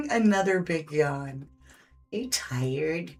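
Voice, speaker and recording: A woman's voice: sits low, animated, takes it slowly. A woman hosting a live painting stream, chatting casually, reading viewer comments aloud and fussing over her dogs. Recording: faint background music.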